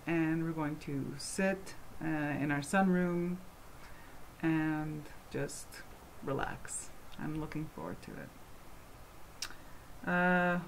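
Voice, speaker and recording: Woman, lowish voice, casual vlog chat at home, rambling, animated, faint background hiss. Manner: chatty, rambling, full of fillers and restarts; animated and passionate when speaking. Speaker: vlogger answering fan questions.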